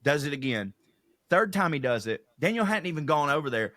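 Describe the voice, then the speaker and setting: Bright, high-voiced Southern podcaster. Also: male voice, brisk, dry recording, clean studio sound. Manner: animated, profane, acts out quotes. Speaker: podcast co-host. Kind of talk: casual storytelling chat.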